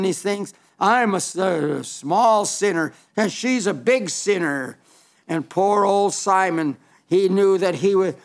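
Male preacher, high voice, earnest and emphatic sermon delivery, frequent restarts.

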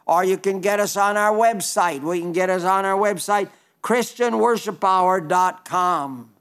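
A man preaching a radio sermon in an earnest, pleading way, slowing down to read scripture and poetry aloud. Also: high-pitched, a bit bright, smooth.

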